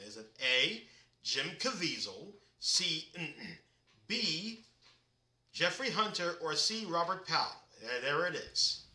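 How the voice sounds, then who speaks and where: A man's voice: a little high, very animated, slow pace, sharp tone, distant mic. Chatty man hosting a quiz stream, echoey. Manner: chatty, reads viewers' names and comments aloud. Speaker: host of a live-streamed quiz. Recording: echoey room, voice away from the mic.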